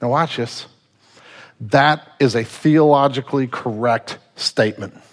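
A man's voice: medium pitch, a little slow. Man preaching a casual sermon. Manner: casual, animated storytelling with acted quotes. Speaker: pastor.

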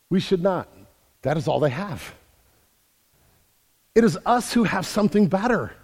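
A man delivers a sermon, moving between low confiding stretches and loud, emphatic preaching. His voice sits a little high for a man. A long reverb trails each phrase, as in a large church hall. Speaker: pastor.

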